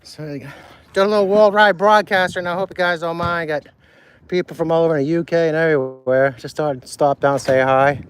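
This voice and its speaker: A man's voice: on the high side, fairly even intonation, fairly quick, clean tone. A man on a casual live stream, talking loosely and swearing freely while he walks an outdoor harbor dock, filmed on a handheld phone. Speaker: vlogger walking a harbor.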